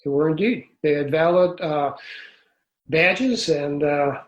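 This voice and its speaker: Guesting on an interview, a sixty-something author tells his story with earnest hesitation, restarting often and speaking in a slightly raised voice. His pitch is a little high, the audio is dull, and a roomy echo hangs around him.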